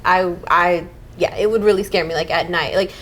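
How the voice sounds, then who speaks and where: A woman's voice: fairly low pitch, steady tone, moderate pace, a bit bright, a little hiss or hum, poor audio. A young woman co-hosting a casual podcast chat about new motherhood, talking freely with many fillers and acting out her own past thoughts. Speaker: podcast co-host.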